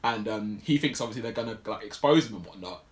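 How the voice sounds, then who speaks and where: A man's voice: fairly low pitch, fast. A man casually recapping a film plot on a podcast, rambling with lots of fillers. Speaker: podcast co-host. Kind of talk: casual film review chat.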